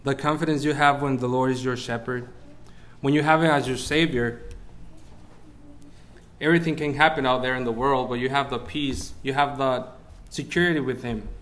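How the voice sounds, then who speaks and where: A man's voice: mid-range voice, steady tone, moderate pace, pauses often, fairly bright tone. Man preaching a sermon. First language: Spanish. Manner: searches for English words, rises when preaching.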